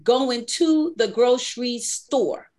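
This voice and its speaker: A woman with a slightly high voice talks at a slow pace. She co-hosts a laid-back faith podcast, hails from the Bronx, New York, and speaks animatedly while acting out talks with God.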